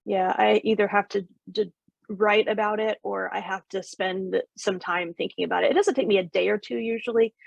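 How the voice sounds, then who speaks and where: A woman's voice: mid-range voice, steady tone, moderate pace, creaky, no room sound, highs cut off. A woman hosting a podcast interview, asking questions thoughtfully with hesitant restarts. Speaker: podcast host.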